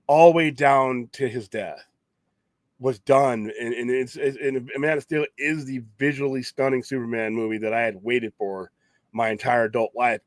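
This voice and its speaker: A man's voice: medium pitch, no echo. A man hosting a late-night geek talk show, rambling casually with strong opinions, frequent restarts and some swearing. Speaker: podcast host.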